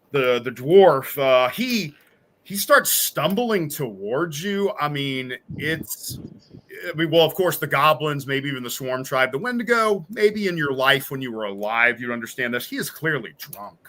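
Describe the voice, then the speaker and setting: A man's voice: fairly high pitch, sing-song, measured pace, a bit bright. A man running a tabletop role-playing game as game master. He talks in a loose, chatty way, with fillers, and he laughs easily.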